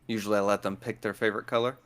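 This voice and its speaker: A man's voice: on the low side, level tone, rapid-fire, fairly bright tone. A man speaking as a guest in a casual chat, blunt, direct and dry in manner.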